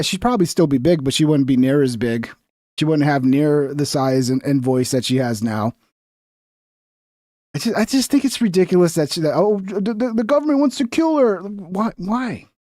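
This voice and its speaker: Man, streamer, sarcastic profane rant, fairly high voice, dry close sound. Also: a little mellow, no echo. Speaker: streamer reacting to clips. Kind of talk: profane reaction commentary.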